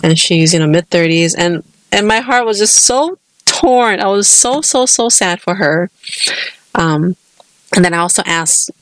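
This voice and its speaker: A woman's voice: lowish voice, animated, a little slow. An American woman in her thirties, a podcast co-host telling a long personal story in casual chat, with frequent restarts. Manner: chatty storytelling, many restarts.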